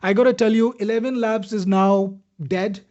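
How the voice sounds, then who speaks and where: Male webinar host, high voice, pushy upbeat demo patter, slightly muffled audio. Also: steady tone, moderate pace, darkish tone. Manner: upbeat, salesy, addresses viewers by name. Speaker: webinar host demoing software. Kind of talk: live product demo answering viewer questions.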